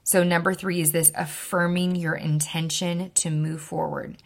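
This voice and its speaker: A young woman with a low voice and a strong gravelly fry speaks as a podcast host. She teaches in a steady, instructive way and slows down to repeat the points she wants to stick. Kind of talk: advice podcast talk.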